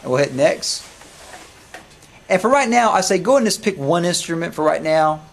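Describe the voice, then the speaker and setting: A man teaching music software to a class, talking casually with many restarts and questions to the students. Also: fairly high pitch, expressive, moderate pace, gravelly. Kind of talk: live classroom software demo.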